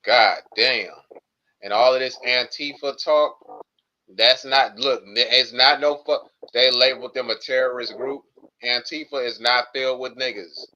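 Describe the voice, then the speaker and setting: A man hosting a livestream, talking in a heated, profane, animated rant. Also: medium pitch, measured pace, lo-fi sound. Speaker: livestream host. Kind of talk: heated casual chat.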